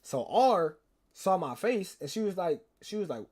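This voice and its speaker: Animated, rambling young man streamer. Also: high-pitched, normal speed, slightly rough. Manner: rambling, slangy, repeats himself, teases chat. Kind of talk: casual storytime to chat.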